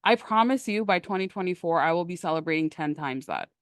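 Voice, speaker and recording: A woman coaching on a live stream in a lively, emphatic, conversational way, answering questions from the chat. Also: on the low side, brisk, smooth, no echo, studio quality. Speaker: manifestation coach.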